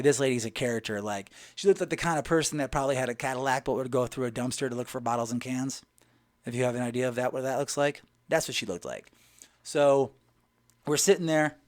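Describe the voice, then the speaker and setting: A man's voice: medium pitch, no room sound. A man telling a personal story in a blunt, emphatic and emotional way. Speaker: vlogger.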